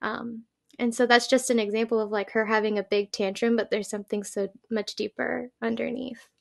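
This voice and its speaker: A woman guest talks in an earnest, heartfelt way, her voice sitting somewhat high. The sound is close and dry, with no room around it. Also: little pitch movement, normal speed, creaky, no room sound. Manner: earnest, heartfelt, tearing up at times. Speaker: podcast guest. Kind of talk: casual chat.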